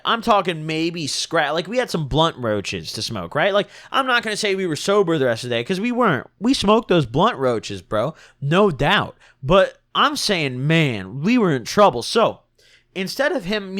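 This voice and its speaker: A young man telling a storytime vlog in an animated, slangy and profane manner. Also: a little high. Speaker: vlogger.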